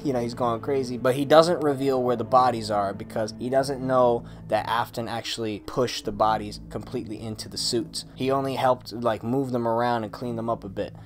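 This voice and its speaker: A man giving a casual, excitable monologue, emphatic and full of swearing. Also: medium pitch, moderate pace, few pauses, a little hiss or hum. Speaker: video creator.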